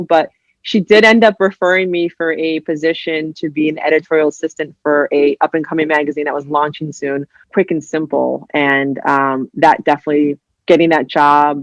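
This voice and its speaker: A woman's voice: sits low, dry recording, lo-fi sound. Chatty woman from New Jersey. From New Jersey, USA. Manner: animated, acts out other people's voices in quotes; heavy use of "like" and "you know". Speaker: podcast guest, writer. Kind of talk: casual interview storytelling.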